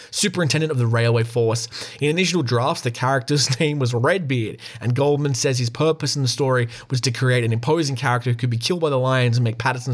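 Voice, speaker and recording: A man giving a casual, rambling film review, frank and profane, with frequent fillers and chuckles. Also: medium pitch.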